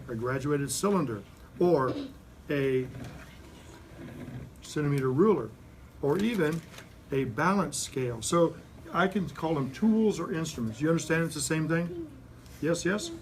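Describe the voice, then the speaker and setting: A man teaching young children science in a classroom, playful and coaxing, leading call-and-response chants. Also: on the high side. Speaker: science teacher visiting a first grade class. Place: school classroom. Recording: distant mic, noisy classroom.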